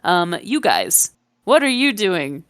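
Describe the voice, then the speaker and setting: A woman narrating as game master of a tabletop game, slow and descriptive with many fillers. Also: lowish voice, sing-song, a bit bright, dry recording.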